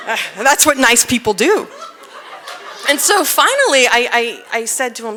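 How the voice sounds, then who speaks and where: A woman telling a personal story on stage, animated and self-deprecating, often laughing as she talks. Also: on the high side, moderate pace, a little hiss or hum. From United States. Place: stage at a live storytelling event.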